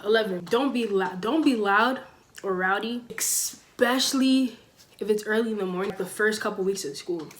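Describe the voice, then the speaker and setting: A teenage girl on her own channel, giving blunt school advice in a casual sit-down talk, with sudden loud stresses. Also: mid-range voice, moderate pace. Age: teens. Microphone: camera mic, sitting.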